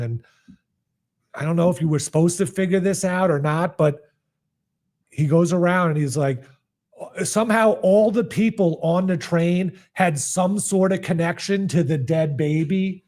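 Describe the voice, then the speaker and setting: A man's voice: a little high, moderate pace, a little mellow. A man co-hosting a casual podcast, rambling through a story with lots of "like" and fillers. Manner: rambling recap with many likes and fillers. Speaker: podcast co-host. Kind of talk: casual chat.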